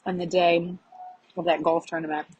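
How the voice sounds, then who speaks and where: Woman podcast host, very breathy and raspy, lowish voice; halting confessional monologue full of fillers, chewing a mint. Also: little pitch movement, a little mellow, rough recording.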